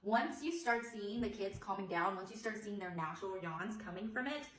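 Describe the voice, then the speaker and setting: A woman's voice: medium pitch, animated, moderate pace, a bit bright, slight background noise. Woman, preschool teacher, sing-song read-aloud with exaggerated yawns, echoey room. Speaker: early childhood teacher.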